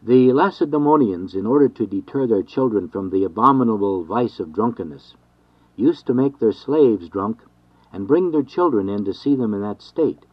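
A man reading an old devotional text aloud in a measured, formal way. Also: fairly low pitch, lively intonation, slightly rough, no room sound. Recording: dry, dull lo-fi recording.

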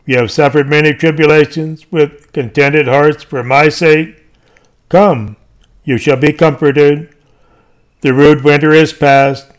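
A man reading a sermon aloud in a solemn, declamatory way, with slow, emphatic calls. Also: fairly high pitch, fairly even intonation. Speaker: preacher.

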